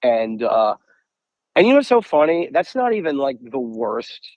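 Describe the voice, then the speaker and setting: An American angler, a young man appearing as a podcast guest, tells stories casually and with animation, acting out the voices of people he quotes and repeating "I'm like" a lot. His pitch is average and his speed normal. The recording is dry, a bit muffled, and free of echo.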